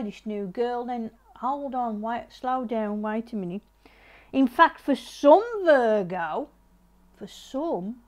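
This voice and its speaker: A middle-aged woman, giving a casual tarot reading to camera in a repetitive, gently advising way with frequent restarts. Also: on the high side. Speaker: tarot reader.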